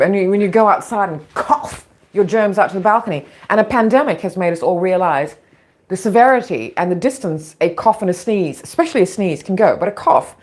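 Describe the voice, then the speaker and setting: A woman's voice: fairly low pitch, darkish tone. A woman hosting a casual talk show, frank and opinionated, rambling with a slightly irritated throat. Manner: frank, opinionated, digressive, laughs often. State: throat irritation, occasional coughing. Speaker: podcast host.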